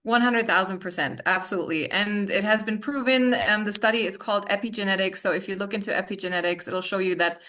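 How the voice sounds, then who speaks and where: A woman's voice: medium pitch, fast, few pauses, sharp tone. A woman guest who works as a hypnotherapist and healer, talking confidently and emphatically in a casual podcast chat. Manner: confident, emphatic, laughs easily.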